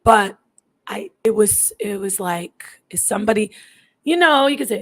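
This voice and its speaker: A woman's voice: mid-range voice, animated, moderate pace, a bit bright. Chatty woman telling a ghost story. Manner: chatty, digressive, restarts often, acts out quoted voices. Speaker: host telling a personal story. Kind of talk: casual storytelling to camera.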